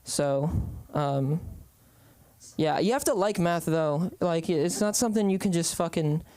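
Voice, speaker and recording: A man's voice: on the high side, a little slow, darkish tone, clear, resonant tone, no echo. A young man from the Bay Area doing open-mic stand-up, rambling with lots of ums and hesitations. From San Francisco Bay Area. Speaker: stand-up comedian.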